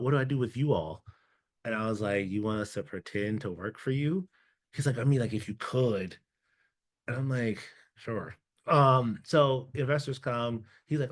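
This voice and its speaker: A man's voice: medium pitch, dry recording. A man giving a casual, chatty talk as a guest speaker, telling stories with dry humor and acting out quoted dialogue. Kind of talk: storytelling talk to an audience.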